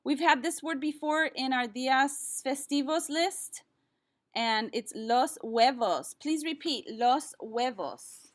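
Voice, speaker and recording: A woman teaching a vocabulary lesson, pronouncing each word slowly and carefully and pausing for the listener to repeat. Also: high voice. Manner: slow, careful enunciation with repeat-after-me pauses. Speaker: Spanish teacher.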